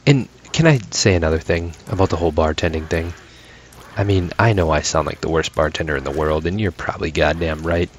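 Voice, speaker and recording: A man's voice: rumbling low, brisk, slight background noise. A man giving casual, profane gameplay commentary, ranting with sarcastic asides and sounding tired late at night. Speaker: gaming channel host.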